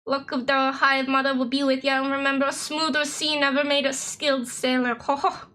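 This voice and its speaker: A hearty old sea-dog skipper welcoming a newcomer to port, full of sailor slang and folksy sayings, as a woman puts him on for a game. His voice is cheerful and chuckling, a touch lower and rounder than an everyday speaking voice. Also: little pitch movement, fairly quick, bright, forceful tone. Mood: jolly.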